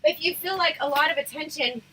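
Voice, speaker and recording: A woman hosting a casual livestream chat, talking frankly and rambling with lots of fillers, her voice going hoarse. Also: high-pitched, brisk, pushed and bright, rough recording. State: losing her voice, throat irritated. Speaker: livestream host.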